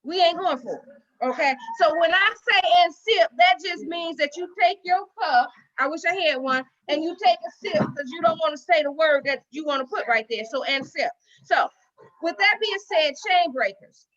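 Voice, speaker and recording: Bright high-voiced woman telling stories. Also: lively intonation, moderate pace. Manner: folksy storytelling with acted-out quotes and repetition. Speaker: guest speaker at a women's dinner. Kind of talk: heartfelt personal speech. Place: dinner event venue. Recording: dull lo-fi recording.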